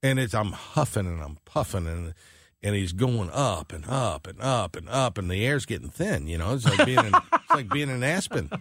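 A man's voice: on the low side, very animated, normal speed, fairly bright tone, slightly rough, no room sound. A man co-hosting a radio show, telling a long, rambling everyday story at an easy pace with lots of fillers. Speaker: radio co-host. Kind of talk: casual chat.

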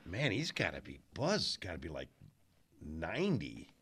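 A man's voice: sits low, huge pitch swings, moderate pace, fairly bright tone, breathy edge, dry recording. A man hosting a radio show, chatting casually and telling rambling, folksy stories in a studio. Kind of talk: casual on-air chat.

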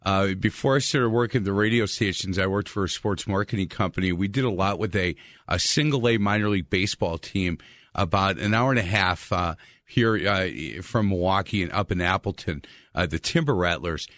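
A man hosting a sports radio talk show, telling a story in a chatty, lively way. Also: sits low, a little fast, dry recording.

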